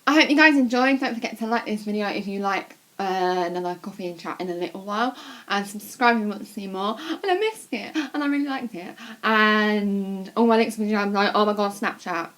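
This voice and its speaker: A woman's voice: mid-range voice, steady tone, brisk, a bit bright. A young woman, chatting to camera in a rambling, casual way with lots of fillers, a bit sick with a cold. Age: young adult. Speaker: vlogger.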